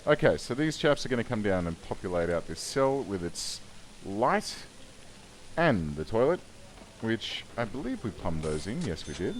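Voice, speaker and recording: Low-pitched, lively male let's player, wry and chatty, faint background noise. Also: normal speed. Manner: wry, chatty, self-correcting. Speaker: gaming YouTuber. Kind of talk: let's play commentary.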